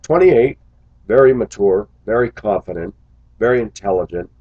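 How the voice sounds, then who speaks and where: A man's voice: on the low side, lively intonation, normal speed, husky, muffled recording. A man talking to his viewers in a casual vlog monologue, musing aloud and breaking into exclamations. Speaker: vlogger.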